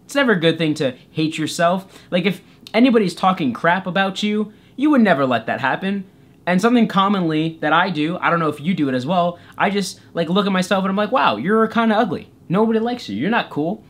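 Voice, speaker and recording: A man's voice: sits high, animated, brisk, a bit bright. Goofy young man telling a story. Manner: goofy, self-deprecating, jumps into voices. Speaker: YouTuber storyteller. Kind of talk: comedic story time vlog.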